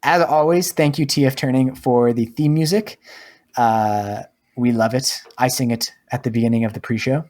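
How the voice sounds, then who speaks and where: A man co-hosting a podcast, chatting in a relaxed, rambling way with lots of fillers. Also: medium pitch, moderate pace. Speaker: podcast co-host. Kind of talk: casual podcast chat.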